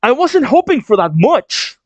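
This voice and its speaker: A man's voice: extremely high pitch, big pitch swings, unhurried, no room sound, voice pushed up, heavily acted. A man reading aloud the lines of a timid, traumatized character from a manga. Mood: meek.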